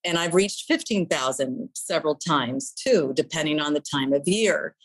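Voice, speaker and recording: A middle-aged woman with a slightly low voice tells her own story as an interview guest. She speaks earnestly and from the heart. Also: animated, normal speed, low-quality recording.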